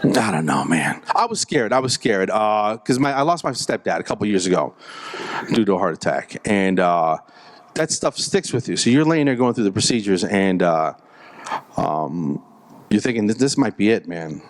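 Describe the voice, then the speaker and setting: A man's voice: fairly low pitch, normal speed. A middle-aged man doing stand-up storytelling at a dental event, joking and acting out both sides of the dialogue. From Puerto Rico heritage. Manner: animated, jokes, acts out both sides of dialogue. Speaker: comedian and speaker at a dental event.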